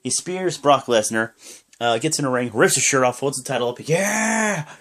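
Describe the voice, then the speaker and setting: A young man recapping a wrestling broadcast for his channel in loose play-by-play. His pitch sits in the ordinary middle range for a man. He rambles, fills gaps with "uh", and jumps up in pitch when the action peaks. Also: a little fast. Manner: rambling play-by-play, many fillers, bursts of excitement. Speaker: wrestling reaction vlogger. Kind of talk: casual recap of a wrestling show.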